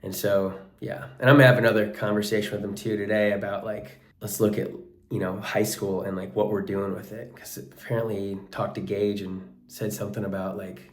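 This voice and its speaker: Casual low-voiced man in an echoey room. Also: level tone, fairly quick. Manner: casual, peppered with "like" and "bro", earnest. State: sweaty after a workout. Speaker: wrestling coach and life coach. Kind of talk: casual vlog monologue.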